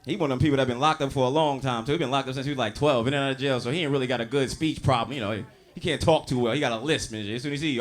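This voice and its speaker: A male stand-up comedian in his thirties with a New York accent, doing loud, animated crowd work full of profanity. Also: medium pitch, very fast, few pauses. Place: comedy club stage. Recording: live room with audience. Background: audience laughter.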